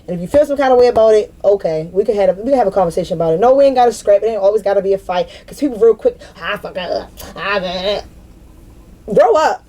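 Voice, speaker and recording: A woman's voice: medium pitch, lively intonation, rapid-fire, hardly any pauses, dark tone. A woman in her thirties venting to camera in a spiritual vlog, blunt and profane, and she repeats herself for emphasis. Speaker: spiritual vlogger. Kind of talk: unscripted venting monologue.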